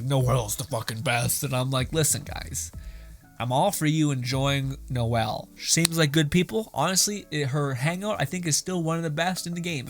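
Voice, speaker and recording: A young man hosting a casual reaction show, rambling and laughing, crude and animated. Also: on the high side.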